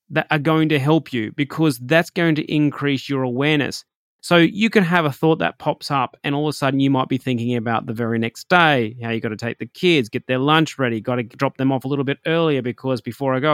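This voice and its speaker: A man's voice: mid-range voice, no echo, studio quality. A man hosting a solo podcast on meditation and intuition, talking straight to the listener in an earnest, conversational way and often checking in with "right?". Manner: talks directly to the listener with everyday examples.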